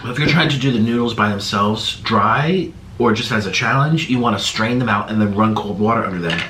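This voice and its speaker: A man hosting a mukbang eating vlog, talking to camera in a halting, strained way, his mouth numb and stinging from the spice. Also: fairly low pitch, pushed and bright, echoey room, a little hiss or hum. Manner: strained, halting talk while suffering from spicy food. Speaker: mukbang host.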